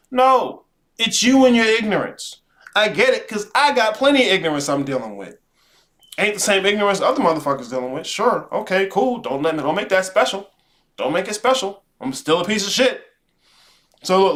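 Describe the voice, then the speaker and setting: A man with a high voice hosts a live stream and talks straight to his chat. He swears freely and sounds preachy. He drifts between quiet musing and loud, heated rants. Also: lively intonation, brisk. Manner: profane, preachy, swings between muttering and ranting. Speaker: live show host. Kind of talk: casual live-stream monologue.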